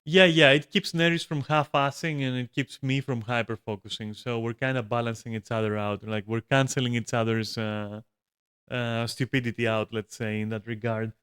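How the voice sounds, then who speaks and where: A man's voice: mid-range voice, fairly even intonation, normal speed, a bit bright, smooth. A man streaming from a room at home, ranting casually with lots of swearing, restarts and filler words. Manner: swears a lot, frequent restarts and filler likes. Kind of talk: casual rambling rant.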